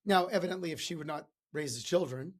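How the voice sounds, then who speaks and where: A man's voice: on the high side, fast talker. A man hosting a podcast, giving a chatty motivational talk full of stories and asides. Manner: chatty, many fillers and restarts, storytelling. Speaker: podcast host.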